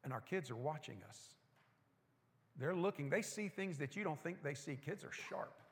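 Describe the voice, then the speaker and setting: A man with a high voice preaches a sermon in a church sanctuary. He is folksy and animated, and he tosses in joking asides. A long reverb trails his words through the hall. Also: normal speed. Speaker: pastor.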